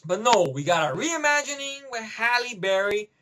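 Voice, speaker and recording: Animated, swearing man ranting about movies. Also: sits high, normal speed. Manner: profane, rambling, emphatic. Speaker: movie reviewer.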